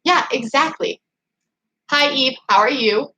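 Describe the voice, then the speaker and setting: A woman hosting a casual livestream, reading out chat comments and ranting in an excitable, frustrated way with lots of "like" and restarts. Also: sits high, a little slow, poor audio. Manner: excitable and frustrated, heavy use of "like". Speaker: channel host reading live chat.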